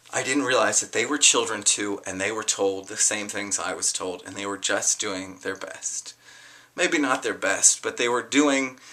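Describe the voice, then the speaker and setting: A young adult giving a raw personal testimony in an impassioned way. The delivery swings from quiet to heated, with swearing. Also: mid-range voice. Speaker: vlogger sharing a personal story.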